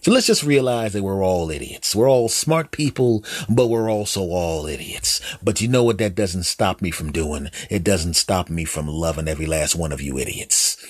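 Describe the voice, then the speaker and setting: A man's voice: sits low, moderate pace, few pauses, no echo, studio quality. A man hosting a comedy podcast, delivering a teasing, sarcastic monologue straight to his listeners. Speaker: podcast host. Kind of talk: comic monologue.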